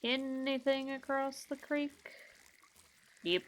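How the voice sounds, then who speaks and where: A woman's voice: medium pitch, expressive, takes it slowly, sharp tone, soft background music. Chatty woman streaming a game. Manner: chatty, joking asides to the game. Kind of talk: casual let's-play commentary.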